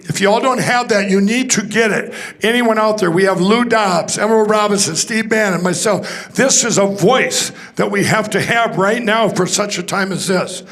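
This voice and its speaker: A man's voice: sits high, fairly bright tone. A man speaking to a conference audience, telling a rambling story with restarts and acting out the dialogue. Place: conference hall stage.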